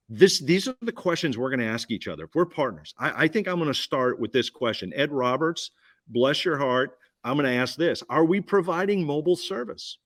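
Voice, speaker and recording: A man giving an energetic business pitch at a roundtable, punchy and repetitive, firing questions at the listener. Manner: punchy, repeats key phrases, asks listener questions. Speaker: guest speaker.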